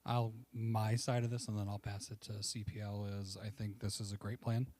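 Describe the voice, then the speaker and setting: A man, a construction manager, answering a school board's questions. He speaks plainly and reassuringly and is aware of how loud he sounds. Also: on the low side, level tone, normal speed. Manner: plain and reassuring, self-conscious about his volume. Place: public meeting room.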